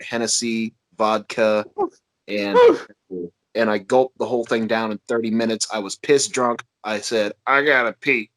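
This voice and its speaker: A man's voice: lowish voice, fairly bright tone, no echo. A man hosting a casual podcast, telling crude, rambling stories. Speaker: podcast host.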